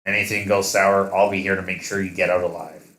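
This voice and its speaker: A man voicing a calm male crew boss who gives steady, commanding orders. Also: low-pitched, brisk, roomy sound.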